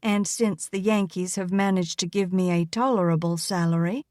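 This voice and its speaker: A woman's voice: lowish voice, fairly even intonation, moderate pace, darkish tone, no room sound, natural voice. Brief: young southern belle, silky drawl, sly and teasing, read by a woman, dry close read. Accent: American Southern.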